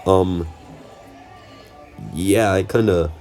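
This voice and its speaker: Young man, very deep voice, rambling jokey vlog voice-over, self-correcting. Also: fairly even intonation, drawn-out words, a little mellow, faint music behind. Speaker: channel host. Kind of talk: casual vlog commentary over trip footage.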